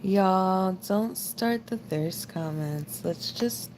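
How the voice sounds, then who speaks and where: A woman's voice: mid-range voice, drawn-out words, slight background noise. A woman, chatting casually and rambling with viewers on a late-night live stream. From United States. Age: 20s. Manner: rambling, relaxed, lots of "like" fillers. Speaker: livestream host.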